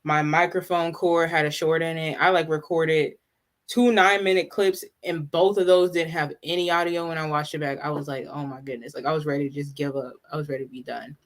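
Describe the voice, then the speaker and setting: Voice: medium pitch, flat delivery. A host chatting casually on a live stream, answering viewers' comments and often stopping to restart sentences. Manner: halting, many restarts and asides.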